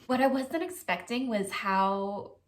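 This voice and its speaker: A woman's voice: mid-range voice, takes it slowly. A woman with an American accent, chatting casually to camera in a vlog, talkative and self-deprecating with lots of hedges. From United States. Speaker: vlogger.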